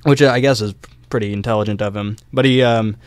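A man's voice: on the low side, steady tone, fairly quick, no room sound. A young man co-hosting a casual history podcast, telling a story loosely with fillers and small laughs. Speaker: podcast co-host.

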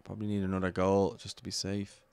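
A man's voice: low voice, monotone, fast, creaky, a little mellow, clear, resonant tone. An Irish man commentating his own football video game match live, anxiously urging his players on.

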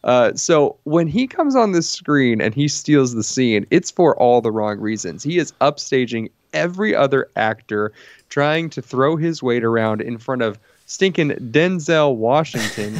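A man co-hosting a movie podcast, reviewing films in an animated, casual way with lots of restarts and laughs. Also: medium pitch, measured pace, dry recording. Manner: animated, stumbling restarts, laughs while talking. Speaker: podcast co-host.

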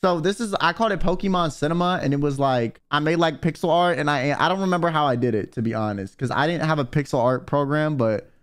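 A man's voice: a little high, fast, hardly any pauses, smooth. A young man streaming, reacting casually to his own old videos in a slangy, rambling way. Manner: laid-back, slangy, rambling.

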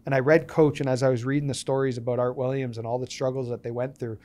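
In a storytelling interview, a man in his thirties appears as a podcast guest, speaking at a medium pitch and a quick pace. He tells stories with real animation, performing the dialogue in them.

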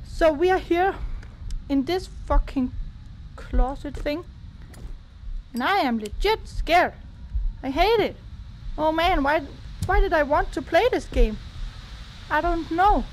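Very high-voiced, jumpy young woman gamer. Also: animated, slow, pauses often, slight background noise, poor audio. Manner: swears, nervous self-talk, swings to shrieks. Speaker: gaming YouTuber. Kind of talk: horror game let's play.

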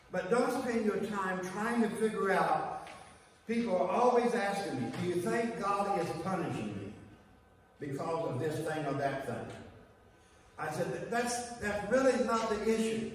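A man preaching a sermon to a congregation, building points through repeated phrases and now and then calling a listener "honey.". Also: sits high. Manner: repetitive preaching cadence, addresses listeners as "honey". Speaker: guest preacher. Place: church sanctuary. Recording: echoey church hall from far off.

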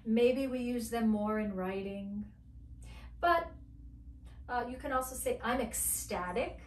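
Woman teacher, slow and playful, acting out words, high-ish voice, echoey room. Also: expressive. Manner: playful, acts out each feeling. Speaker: English teacher. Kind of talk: animated vocabulary lesson. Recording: echoey room, mic at a distance.

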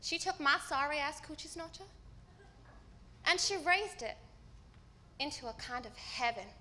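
A woman acting a stage monologue as a candid, wry woman recalling her teenage self, telling the story with vivid swings from hushed to loud. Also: high-pitched, lively intonation, unhurried, slight background noise, exaggerated voice. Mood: warm reflective. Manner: storytelling with vivid shifts in loudness. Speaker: stage actor. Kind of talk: live theatrical monologue. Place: theater stage.

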